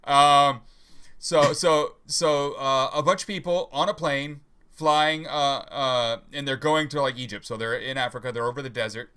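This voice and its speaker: A man's voice: medium pitch, steady tone, normal speed, bright, forceful tone, clear, resonant tone. A male podcast host in casual livestream chat, a rambling, chatty storyteller.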